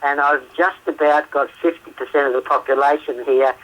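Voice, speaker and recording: A man with an Australian accent chats as a guest on a radio interview. His voice sits fairly high for a man, and he talks loosely with plenty of fillers and quick laughs. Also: fairly even intonation, a bit bright. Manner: chatty, laughs often, hesitant fillers. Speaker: guest therapist. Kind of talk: phone interview. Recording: radio show phone line.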